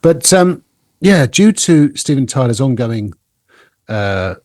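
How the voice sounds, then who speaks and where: A man co-hosting a rock podcast, talking in a rambling, halting way with many restarts. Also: medium pitch, big pitch swings, darkish tone, no room sound. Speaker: podcast co-host. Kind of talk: casual chat.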